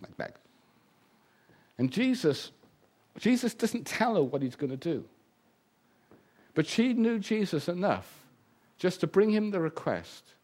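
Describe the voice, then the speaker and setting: A man preaching a sermon, lively and humorous, acting out the voices he quotes. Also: fairly high pitch.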